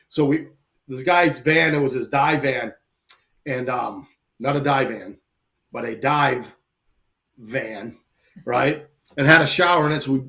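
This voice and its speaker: A man's voice: on the high side, fairly bright tone. Rambling ex-soldier man, casual host. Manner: rambling, filler-heavy storytelling. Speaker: live stream host. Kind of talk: casual chat.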